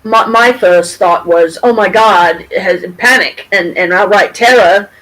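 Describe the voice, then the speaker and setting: A middle-aged woman from Michigan vlogging at home. She tells her story in a loose, rambling way, doubling back on herself and dropping casual curses as she goes. Her voice sits at an ordinary pitch for a woman. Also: unhurried, low-quality recording. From Pontiac, Michigan, USA. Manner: rambling, animated, with restarts and swearing. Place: at home, with her cat nearby.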